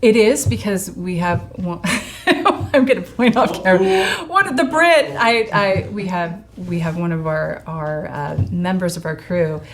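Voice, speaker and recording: A woman's voice: fairly low pitch, slight background noise. Chatty, bubbly female interview host. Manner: chatty and bubbly, quick to laugh. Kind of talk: casual interview chat.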